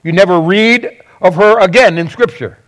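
A man preaching a sermon, conversational and animated, acting out quoted lines with sarcasm. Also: high voice, normal speed. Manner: conversational with self-corrections. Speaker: pastor.

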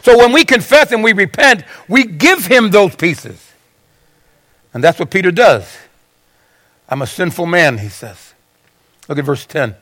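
High-voiced man preaching a dramatic sermon. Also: fairly bright tone. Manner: dramatic storytelling, acting out voices. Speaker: pastor.

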